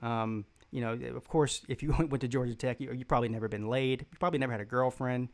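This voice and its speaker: A man's voice: medium pitch, steady tone, quick pace. A man with a Southern American accent hosting a sports live stream, reading viewer comments and answering with rambling, mocking trash talk full of fillers and restarts.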